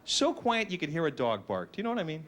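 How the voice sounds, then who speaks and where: A man doing a stand-up routine, self-mocking and animated, slipping into silly voices. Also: on the high side, fast talker, a little hiss or hum. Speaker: stand-up comedian.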